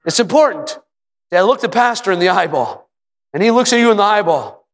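Male pastor, high voice, emphatic repetitive sermon delivery, church hall echo. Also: lively intonation, a little fast. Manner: preaches with rising emphatic repetition, sometimes shouting. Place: church sanctuary. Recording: long hall reverb.

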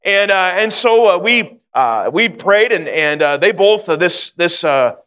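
A man's voice: sits high, expressive, unhurried, sharp tone, big-room sound. A man preaching a sermon, telling a personal story in an earnest way and building to fervent exhortation.

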